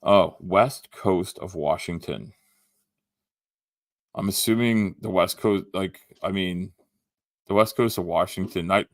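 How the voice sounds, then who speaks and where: A man's voice: low-pitched, a bit bright, no room sound, clean studio sound. A Canadian man hosting a casual livestream, reading comments aloud and rambling with many restarts and ums. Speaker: livestream host.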